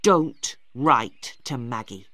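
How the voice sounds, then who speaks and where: A woman's voice: very deep voice, slow, dry recording, full character voice. A woman playing a harsh, stern young brother. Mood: angry. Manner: harsh, forceful. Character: stern, angry young man, Maggie's brother.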